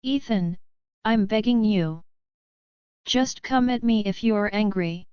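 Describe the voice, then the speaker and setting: A woman voicing a frightened young woman who pleads desperately, in a slow, very clear voice. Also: medium pitch, no echo, highs cut off, natural voice. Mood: pleading.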